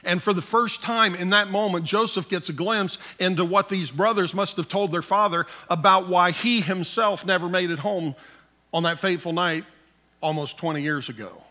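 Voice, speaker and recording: A man's voice: fairly high pitch, bright, forceful tone. A middle-aged man, a pastor, preaching a sermon, telling the story in a conversational way with asides to his listeners.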